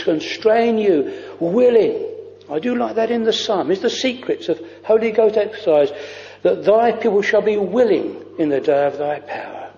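A man's voice: high-pitched, mellow, long reverb tail, lo-fi sound. A man preaching a fervent, old-fashioned sermon, weaving hymn lines into his words. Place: church.

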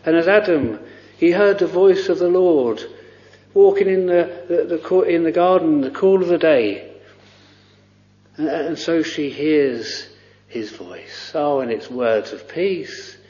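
A man's voice: fairly high pitch, slow, mellow. A man preaching a sermon with fervent cries of "oh" and many repeated words. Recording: lo-fi recording with long reverb.

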